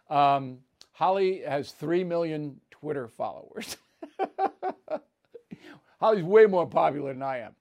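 Chatty animated older male host. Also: a little high. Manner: animated, chatty with asides and chuckles. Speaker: show host. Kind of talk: casual monologue.

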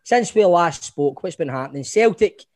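A man's voice: high-pitched, expressive, moderate pace, a little mellow, dry recording, studio quality. A Scottish man co-hosting a podcast, talking football in a heated, insistent way. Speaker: podcast co-host. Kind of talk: casual football chat.

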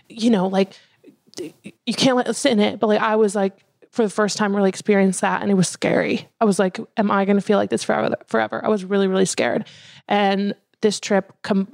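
A young woman co-hosts a podcast, chatting casually and animatedly with plenty of fillers. Her mid-range voice has vocal fry and a slightly mellow quality, recorded dry at studio quality.

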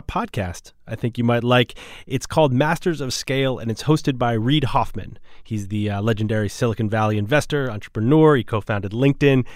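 A man's voice: medium pitch, no room sound. An upbeat man co-hosts a podcast, reading sponsor spots and chatting casually with some fillers. His voice sits mid-range and the sound is dry. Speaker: podcast co-host. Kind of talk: casual chat and host-read ads.

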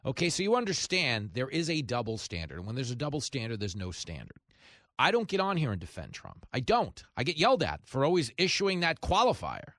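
A man's voice: medium pitch, huge pitch swings, brisk, fairly bright tone, dry recording, clean studio sound. A man hosting a radio talk show, delivering a heated, sarcastic opinion monologue. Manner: heated, sarcastic, mocking voices of opponents.

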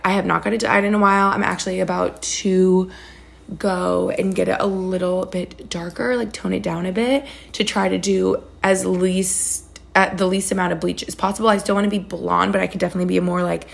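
Gushing, chatty woman with gravelly edges. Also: lowish voice, little pitch movement, a little fast. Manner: bubbly, chatty, gushing, lots of "like" and "oh my gosh". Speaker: podcast host. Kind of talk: casual chat.

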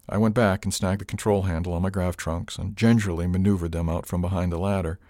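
Low-voiced male audiobook narrator. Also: fairly even intonation, fast talker, hardly any pauses, warm tone, no room sound, clean studio sound. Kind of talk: first-person audiobook narration.

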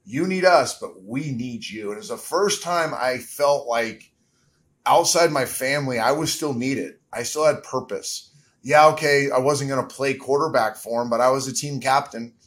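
A middle-aged man speaking as an interview guest at an ordinary mid-range pitch. He talks earnestly and reflectively, often pausing on fillers as he works through his thoughts. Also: fairly bright tone. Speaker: guest, former pro quarterback. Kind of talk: candid interview answers.

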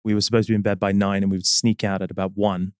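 A man with a British accent, a business guest telling stories in a relaxed interview, thoughtful and full of small pauses. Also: on the low side, smooth, no echo, studio quality. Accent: British English. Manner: measured, reflective storytelling with many fillers. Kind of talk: casual interview chat.

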